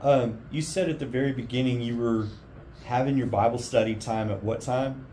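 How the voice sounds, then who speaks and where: A man's voice: medium pitch, fairly even intonation, normal speed, warm tone, slight background noise. A man interviewing a guest, prompting him with brief questions.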